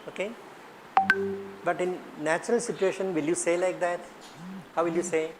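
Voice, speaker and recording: A man's voice: fairly high pitch, moderate pace, pauses often, background noise. A man with an Indian English accent leading a teacher workshop, questioning the class and repeating his points. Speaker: teacher trainer.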